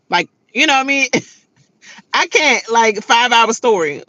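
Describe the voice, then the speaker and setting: Female recap host, animated and sharp-toned, slangy and laughing a lot. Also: medium pitch, measured pace, no room sound, muffled recording. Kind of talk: casual TV recap and rant.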